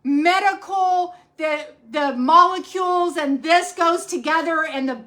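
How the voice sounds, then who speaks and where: A high-pitched woman in her forties, talks casually to her audience. She rambles and keeps correcting herself mid-sentence, in a friendly, chatty way. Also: a little slow, bright, forceful tone. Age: 40s. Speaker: cooking channel host. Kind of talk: casual livestream chat.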